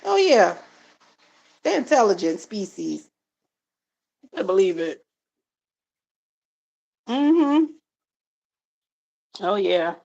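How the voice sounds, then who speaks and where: A woman's voice: medium pitch, big pitch swings, drawn-out words, creaky, pauses often, a little mellow, dull audio. A middle-aged woman hosting a casual live stream, chatting with viewers she calls family and reading their comments aloud before answering them. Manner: addresses viewers as family, frequent fillers. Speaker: live-stream host and card reader.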